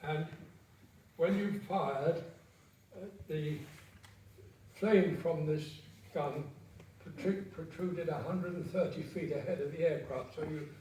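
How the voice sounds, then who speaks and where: A man's voice: a little high, takes it slowly, warm tone. A man in his nineties giving a public talk in a theatre hall and telling anecdotes with quoted dialogue. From England. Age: 90s. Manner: chatty storytelling with quoted dialogue. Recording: echoey hall, distant mic, noisy.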